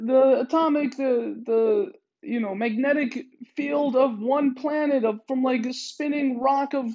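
A man hosting a podcast in a rambling monologue, swearing often and digressing in an animated way. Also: very high voice, muffled recording. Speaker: podcast host.

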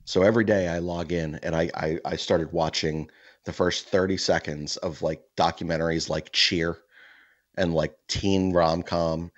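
A very low-voiced man hosts a podcast and talks in a loose, swearing ramble that keeps restarting itself. The sound is dry and close, with a slightly dull, lo-fi tone. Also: fairly even intonation, measured pace, dry recording. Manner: rambling, profane storytelling with many restarts. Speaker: podcast host. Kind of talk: casual podcast chat.

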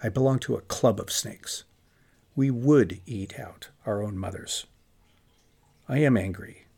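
A remorseful, self-accusing Pharisee played by a man mutters his confession in a low, subdued voice, well below a speaking tone. The voice is gravelly and heavy with brooding. It is a dramatized inner monologue within a lecture. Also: a little slow, a little mellow, exaggerated voice. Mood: bitter.

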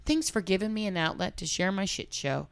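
A gravelly mid-range voice, fairly quick: this woman co-hosts a podcast, reading out a listener's story and chatting comedically. She's frank and laughs often, with plenty of swearing.

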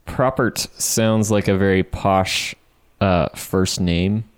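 A man's voice: low voice, fairly even intonation, takes it slowly, clean tone, dry recording. A man co-hosting a casual chat, making playful jokes and guesses. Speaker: podcast co-host.

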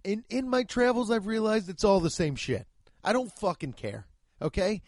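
A man's voice: high-pitched, expressive, moderate pace, dry recording, studio quality. Profane, ranting male podcast host. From United States. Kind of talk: solo comedic podcast rant.

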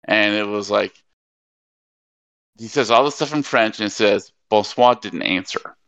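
A man's voice: fairly low pitch, unhurried, bright, forceful tone, dry recording. A man co-hosting a book podcast, chatting casually with some hesitant fillers and reading quotes aloud. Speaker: podcast co-host. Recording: dull lo-fi mic.

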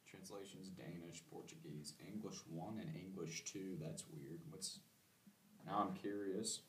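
A man in casual chat, reacting to a music video with easy laughter and animated comments. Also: low-pitched, slight background noise.

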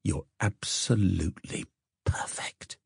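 A man's voice: low-pitched, sing-song, slow, breathy edge, no echo, clean studio sound, exaggerated voice. A man voicing an overweight, besotted middle-aged man who stammers and fawns. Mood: fawning. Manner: flustered, stammering, fawning.

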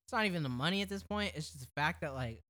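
A young adult man with a slightly high voice, telling a story in loose conversation. He talks in slang and swears freely. He gets animated and laughs through the telling. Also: quick pace. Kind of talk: casual storytelling chat.

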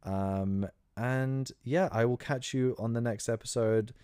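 A man's voice: mid-range voice, a little slow, darkish tone, clean tone, no echo, clean studio sound. A young man hosting a solo podcast, talking casually in a crude, sarcastic way with lots of ums. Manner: crude, sarcastic, rambling with many fillers. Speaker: podcast host.

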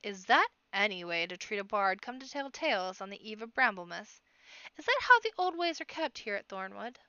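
A woman's voice: mid-range voice, big pitch swings, moderate pace, pushed and bright, clean tone, no room sound, dull audio. A wry old bard rabbit, as a woman reads him. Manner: wry, knowing, mutters put-downs.

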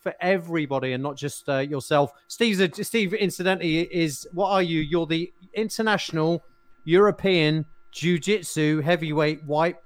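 A man co-hosting a podcast, telling crude stories in halting casual banter. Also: on the high side, no echo. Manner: chatty, halting with fillers, crude humour. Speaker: podcast co-host.

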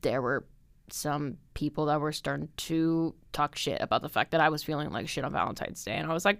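Young woman, podcast host, low-pitched, smooth voice, dry close sound, chatty rant with lots of fillers. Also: expressive, moderate pace, fairly bright tone, no echo. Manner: chatty and candid, lots of "like" and "um", swears freely. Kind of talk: casual solo podcast rant.

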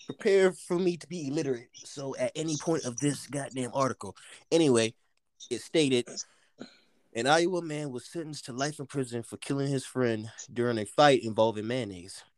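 A man's voice: medium pitch, normal speed, darkish tone, dry recording. A man co-hosting a casual comedy podcast, joking and swearing as he stumbles through reading news stories aloud.

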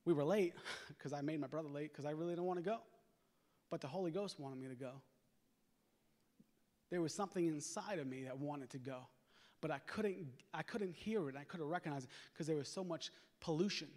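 In a church sanctuary with the long reverb of the hall, a guest preacher gives his testimony in a fairly high, darkish voice, speaking a little fast. He tells his own story conversationally and urges the congregation to call back in response.

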